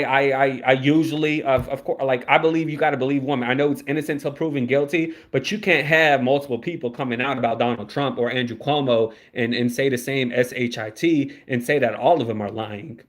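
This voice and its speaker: Rambling young man on a livestream. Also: mid-range voice. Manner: rambling, repeats words, swears freely. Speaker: YouTube commentator. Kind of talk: casual livestream commentary.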